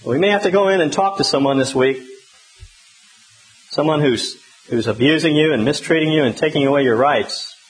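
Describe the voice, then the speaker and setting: A man's voice: a little high, normal speed, low-quality recording. Man preaching a conversational, humorous sermon. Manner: conversational, humorous storytelling with lively emphasis. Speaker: pastor.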